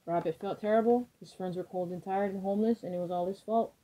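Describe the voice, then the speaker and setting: A woman reading a children's picture book aloud with expressive, lively storytelling. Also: medium pitch, quick pace. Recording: dull lo-fi recording.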